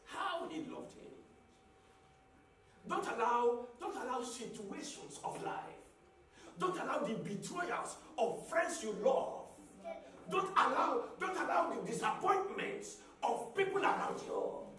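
High-voiced preaching pastor in an echoey hall. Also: male voice, animated, unhurried. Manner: impassioned preaching, repeats phrases, builds to shouts. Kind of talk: sermon. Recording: echoey hall, mic at a distance.

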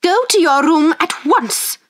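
A woman's voice: very high-pitched, lively intonation, takes it slowly, voice pushed up, exaggerated voice. A woman voicing a harsh, strict headmistress in a storybook reading, scolding and commanding.

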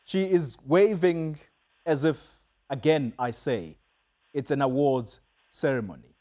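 Probing South African news anchor. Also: male voice, on the high side, takes it slowly, warm tone. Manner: pressing, skeptical questioning. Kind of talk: live television interview.

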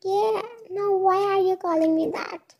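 A woman's voice: extremely high pitch, steady tone, unhurried, darkish tone. A woman reading the lines of a playful, mock-innocent young heroine in a fan fiction story.

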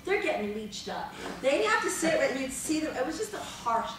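Animated woman telling wild set stories. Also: high voice, normal speed. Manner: lively, dramatic, laughing, swearing freely. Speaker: actress panel guest. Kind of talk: animated anecdotal storytelling. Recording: echoey room, mic far off, noisy.

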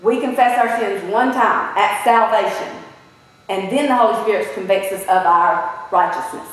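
Animated woman preaching in an echoey hall. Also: mid-range voice, normal speed, recorded from a distance. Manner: animated, asks the audience questions. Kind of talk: sermon.

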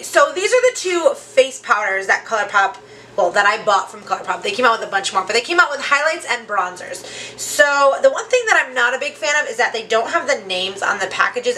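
Bright-voiced chatty young woman vlogger. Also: fairly high pitch, a little hiss or hum. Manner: chatty, self-deprecating, lots of "like" fillers. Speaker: beauty vlogger. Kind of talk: casual makeup tutorial chat. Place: home vanity room.

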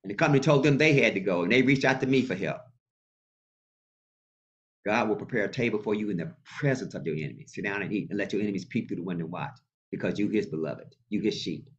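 Muffled, lo-fi preaching pastor. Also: male voice, fairly low pitch, fast. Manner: animated preaching, calls on the congregation, colloquial. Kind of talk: sermon. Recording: muffled lo-fi sound.

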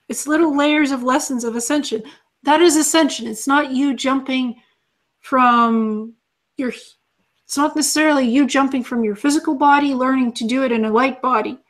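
A woman channeling as an alien being, calmly teaching and repeating her lessons as numbered lists. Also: high voice, normal speed.

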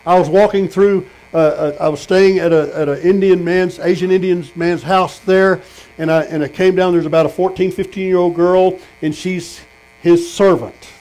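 Fairly high-voiced preacher man. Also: fairly even intonation, normal speed, darkish tone, low-quality recording. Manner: storytelling, asks the congregation questions. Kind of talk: sermon. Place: tent meeting.

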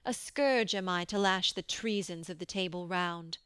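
A woman's voice: lowish voice, normal speed, fairly bright tone, smooth, no room sound, clean studio sound, lightly acted. A woman reading the part of an anguished young knight who cries out in bitter accusation, in a storybook reading. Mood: raging. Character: anguished young male knight, wild with betrayal.

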